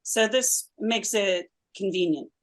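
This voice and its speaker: A woman pastor on a church podcast, chatting playfully and laughing easily. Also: medium pitch. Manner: playful, giggly, quick reactions. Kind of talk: casual chat.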